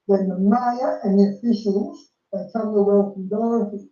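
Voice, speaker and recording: A man with a high-pitched voice and fairly even intonation offers casual, emphatic preaching commentary on a film at normal speed, repeating and restarting phrases. Soft music plays behind him, and the distant mic gives a dull, lo-fi, roomy sound.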